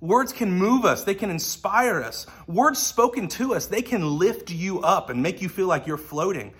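A man's voice: high voice, lively intonation, moderate pace, fairly bright tone, husky. A man in his thirties preaching a sermon in a conversational, earnest way with light humor. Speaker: pastor.

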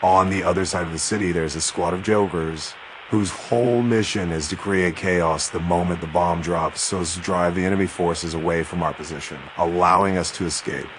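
Man doing a blunt military sergeant, brisk briefing tone, low voice, steady hiss behind. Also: natural voice. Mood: businesslike. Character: blunt male Air Force sergeant giving a mission briefing.

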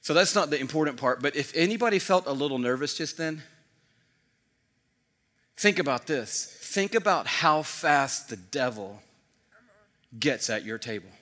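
A male pastor delivering a sermon as lively storytelling, acting out each character himself. His voice sits a bit high and sounds bright and forceful. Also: moderate pace, pauses often. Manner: animated storytelling, playing every part.

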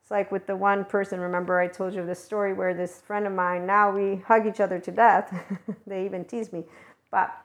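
Speaking as a guidance channeler, a woman offers a loose, conversational spiritual teaching, punctuated by soft laughs. Her medium-pitched delivery is flat and moves at a moderate pace.

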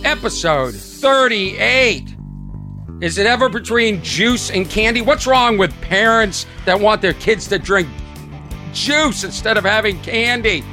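Comic podcast host, male, high-pitched and lively, bright dry tone, early-morning rant. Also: measured pace, faint music behind. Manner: animated, sarcastic, mock-exasperated. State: sleepy but energized early morning. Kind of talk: solo comedy podcast rant. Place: at home early morning, birds outside.

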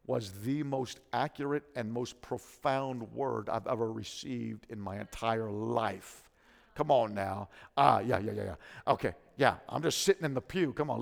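A male pastor tells a story from the pulpit in a rambling, conversational way, dropping in "kind of thing" and "come on now." His voice is deeply gravelly, and it rings out with the long reverb of a large hall. His pitch sits in a typical middle range for a man. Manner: conversational, builds to shouting fervor. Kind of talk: sermon storytelling.

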